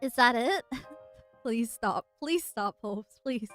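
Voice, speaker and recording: A woman streamer reading a webcomic aloud, reacting excitably with frequent gasps and laughter. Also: fairly high pitch, slow, soft background music. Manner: excitable, gasping and laughing often. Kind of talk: live-stream read-along with reactions.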